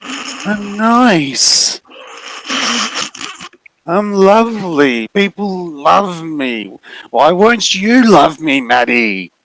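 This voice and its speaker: A man voicing a clingy, menacing unseen male creature with a booming voice in a tabletop game, pleading and possessive in slow, drawn-out lines. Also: very animated, fairly bright tone, dry recording, exaggerated voice, rough recording.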